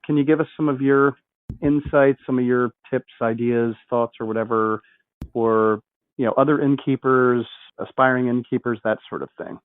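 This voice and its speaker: A man's voice: mid-range voice, steady tone, moderate pace, no echo. Guy hosting a podcast, chatty recaps, dry phone-like audio. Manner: conversational, summarizes guest's points. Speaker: podcast host. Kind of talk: interviewing, casual chat. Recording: dry, tinny phone-like line.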